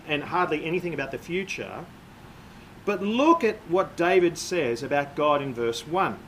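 A man preaching a sermon, with a voice pitched a little above average. He talks in a measured, explanatory way, pausing on "uh" and "um". A faint hiss of noise sits under the voice. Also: poor audio. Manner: measured, explanatory, frequent "uh" and "um" fillers.

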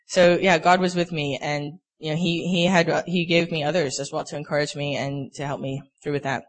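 Young man, slightly higher voice, earnest and halting, sharing a faith testimony. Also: steady tone. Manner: earnest, halting, full of "you know" fillers. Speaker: speaker sharing a personal testimony.

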